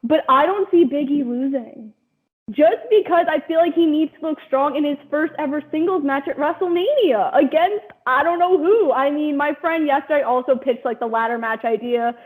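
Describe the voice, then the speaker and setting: A woman's voice: high-pitched, moderate pace, phone-quality sound. A woman on a wrestling panel, talking in a chatty, frank way. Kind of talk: casual panel chat.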